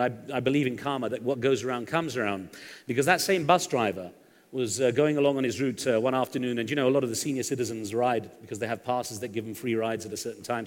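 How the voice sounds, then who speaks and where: A man's voice: mid-range voice, fairly bright tone. A middle-aged man, a guest journalist on stage, telling anecdotes and jokes in a chatty way. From England. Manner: chatty, joke-telling storyteller. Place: large stage hall. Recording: long reverb of a stage hall.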